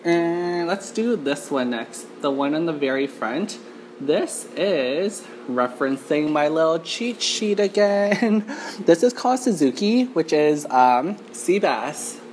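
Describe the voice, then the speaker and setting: A woman's voice: sits low, expressive, slow, a little mellow, a little hiss or hum. A woman from Canada hosting a chatty mukbang eating show in an empty restaurant, talking to the camera with lots of "like" fillers. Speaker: mukbang host.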